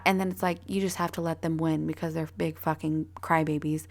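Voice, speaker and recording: A young woman rambling through her solo podcast in a blunt, profane, casual way. Her voice sits a little low and carries a gravelly fry. She piles on fillers and curses as she goes. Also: level tone, quick pace, hardly any pauses. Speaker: podcast host.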